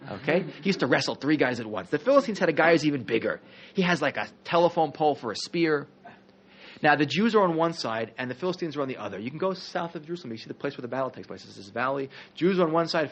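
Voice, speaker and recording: A man teaching a history class as a rabbi, telling the story in a lively, conversational way with jokey asides. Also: a little high, lo-fi sound.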